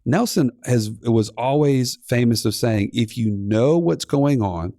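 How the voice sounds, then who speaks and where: A man in his thirties with a gravelly edge chats animatedly on a finance podcast, with a streak of playful sarcasm. The sound is dry and close, with no room around it. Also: medium pitch, expressive, a little slow, dark tone, no echo. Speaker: podcast co-host. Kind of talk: casual finance podcast chat.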